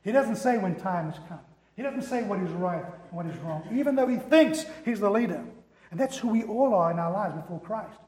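High-voiced pastor in an echoey hall. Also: male voice, a little fast. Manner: animated storytelling. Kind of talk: sermon.

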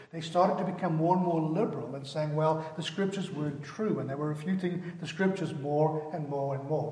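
A man's voice: on the high side, darkish tone. A man preaching a sermon as pastor, emphatic and asking the congregation questions. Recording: echoey hall, long reverb.

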